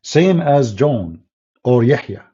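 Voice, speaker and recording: A man's voice: mid-range voice, animated, slow pace, warm tone, breathy edge. Arabic-accented man mocking on a stream. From Middle East. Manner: mocking and insulting, broken English grammar. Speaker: live stream host. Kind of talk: polemical live stream monologue. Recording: dull lo-fi stream audio.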